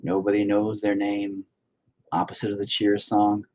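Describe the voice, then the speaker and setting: A man's voice: on the low side, normal speed. A young man chatting casually on a livestream, rambling and swearing freely while he works on a painting at home. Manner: rambling, profane, animated. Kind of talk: casual stream chat. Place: home, indoors.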